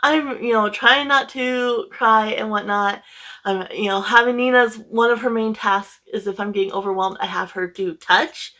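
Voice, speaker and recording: A woman's voice: mid-range voice, moderate pace, sharp tone. A young woman casually telling a long, emotional story to her camera at home, rambling with many fillers. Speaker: book vlogger.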